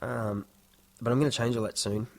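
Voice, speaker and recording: A man's voice: medium pitch, fairly even intonation, normal speed, gravelly. A man in his thirties with an Australian accent, chatting alone in a casual podcast monologue with rambling, self-deprecating storytelling. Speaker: podcast host.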